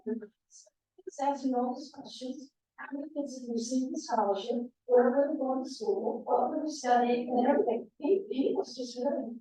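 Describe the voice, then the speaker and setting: A woman's voice: on the high side, dark tone. Guest speaker, woman, American, rambling and chatty, recorded far from the mic. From United States. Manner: chatty storyteller, many fillers. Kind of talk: anecdotal talk to a club. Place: club meeting room. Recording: echoey room, voice from far off.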